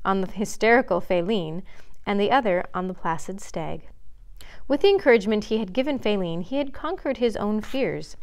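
Woman librarian, children's story time reader, expressive, library setting. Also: mid-range voice, normal speed. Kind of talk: reading a chapter book aloud. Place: public library.

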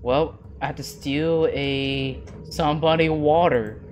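Excitable rambling young gamer guy. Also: fairly high pitch, takes it slowly, slight background noise. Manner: rambling, excitable, breaks into laughter. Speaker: gamer playing a horror game. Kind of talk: casual let's-play commentary.

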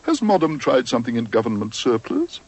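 A man's voice: mid-range voice, huge pitch swings, a little fast, darkish tone, husky, heavily acted. A man voicing a nervous, snooty male shop assistant in a cartoon storybook, who stammers.

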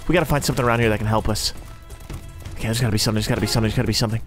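A man's voice: lowish voice, fairly even intonation, very fast, music in the background. A young man narrating his own game role-play in a sarcastic, self-mocking running commentary. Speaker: role-play gaming creator.

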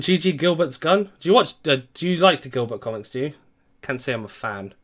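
A man's voice: on the high side, animated, a little fast. A young man casually commenting while he plays a game on a live stream, rambling and chatting to viewers. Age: young adult. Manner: rambling, chatty, reads out chat.

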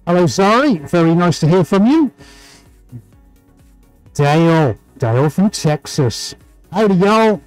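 A man's voice: fairly high pitch, big pitch swings, slow pace, pauses often, soft background music, low-quality recording. Chatty man hosting a painting stream. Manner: chatty, greets viewers, laughs often. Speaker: livestream painting host. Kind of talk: live-streamed painting chat.

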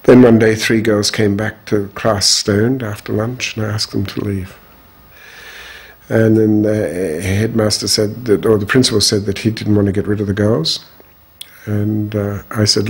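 An older man from Australia, recounting his life in an interview in a measured, frank way. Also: fairly low pitch, little pitch movement, slightly rough. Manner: measured, frank, strong views. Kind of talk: reflective personal storytelling.

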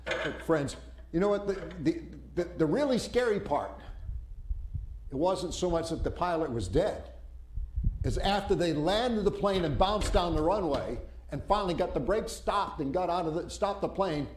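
A man preaching a sermon, telling a story in an animated way and acting out panicked voices. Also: a little high. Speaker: pastor. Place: church sanctuary. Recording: roomy church echo.

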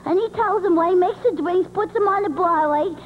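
A man's voice: very high-pitched, moderate pace. A man voicing a chatty male Muppet character who tells rambling jokes live at a party, tacking "right?" onto nearly every line, heard on dull, lo-fi old camcorder audio. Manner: rambling joke-telling, ends lines with "right?". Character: high-voiced male Muppet monster, a chatty joke-teller. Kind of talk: live puppet stand-up at a party. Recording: dull lo-fi 1980s camcorder audio with faint noise.

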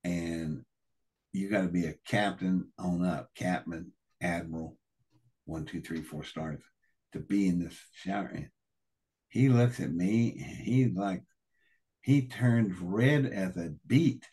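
Give me a lowish, husky man spinning a profane yarn in an interview. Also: takes it slowly, warm tone. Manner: colorful, profane, acts out voices. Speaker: guest. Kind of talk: storytelling interview.

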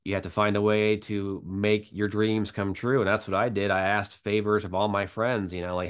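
Low smooth-voiced man telling stories. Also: little pitch movement, moderate pace, hardly any pauses. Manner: rambling, many fillers and restarts. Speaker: guest, filmmaker. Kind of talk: casual storytelling interview.

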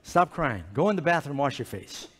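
A man's voice: fairly high pitch, sing-song, moderate pace, fairly bright tone. A man voicing a stern father firmly questioning his young son, in a reverberant hall. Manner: firm, questioning.

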